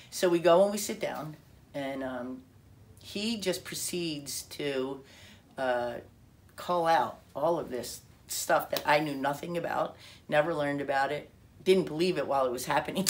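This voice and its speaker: Low-voiced woman telling a testimony. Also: gravelly, slight background noise. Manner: animated, acts out quotes, frequent restarts. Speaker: speaker sharing a personal testimony. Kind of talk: personal testimony storytelling.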